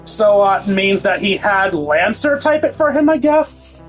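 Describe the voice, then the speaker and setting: A man's voice: sits high, big pitch swings, measured pace, faint music behind, rough recording. Chatty man streaming a game. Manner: chatty, explaining lore to viewers. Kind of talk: casual game commentary.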